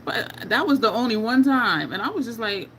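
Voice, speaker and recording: Middle-aged woman gabbing w/ her live chat while doing makeup, kinda high voice that bounces all over, faint hiss behind. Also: normal speed, poor audio. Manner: chatty, animated storyteller with asides to viewers. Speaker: beauty video host.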